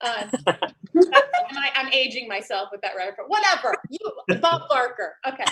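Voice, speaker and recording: Giggly high-voiced woman comedian. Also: very animated, takes it slowly, heavy background noise. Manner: giggly, self-deprecating. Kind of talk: stand-up comedy over video call. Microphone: video call.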